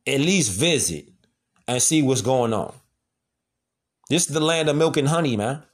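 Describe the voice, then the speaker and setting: A man's voice: mid-range voice, expressive, measured pace. A man delivering an impassioned monologue, heavy with street slang and repetition, lecturing listeners. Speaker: commentator.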